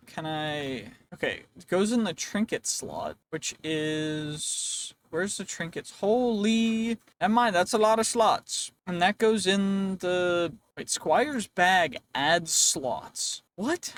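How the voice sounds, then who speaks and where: Playful high-voiced man narrating gameplay. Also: animated, slow pace, hardly any pauses, a bit bright, a little hiss or hum. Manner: rambling, playful, talks to game characters. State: voice wearing out. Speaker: gaming video creator. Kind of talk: casual gameplay commentary.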